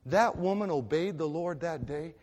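High-voiced preaching man, echoing hall. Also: normal speed. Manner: impassioned preaching that swells to loud emphatic repetition. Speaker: pastor. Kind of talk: sermon. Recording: long reverb of a large hall.

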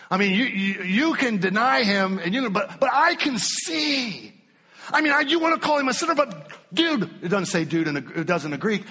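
A male pastor preaching an animated, emphatic sermon to his congregation in a church. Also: sits high, moderate pace, breathy edge, big-room sound.

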